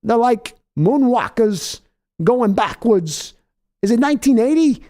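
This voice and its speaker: A man putting on an excitable sports pundit voice, shouting with stretched, emphatic words in mock panel banter. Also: extremely high pitch, unhurried, pitched above the performer's own voice. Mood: hyped.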